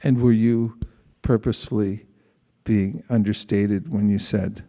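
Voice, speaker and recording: A man with a mellow, fairly low voice leads a scripture class. He reads a passage and then puts questions to the group in a thoughtful way, pausing often to rephrase his words. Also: fairly even intonation. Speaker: class leader.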